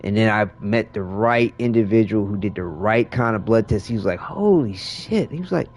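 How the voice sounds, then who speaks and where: A man's voice: on the low side, brisk. A man streaming a game, chatting casually with viewers in a rambling way, full of restarts and fillers. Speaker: livestreamer. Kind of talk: casual chat while gaming.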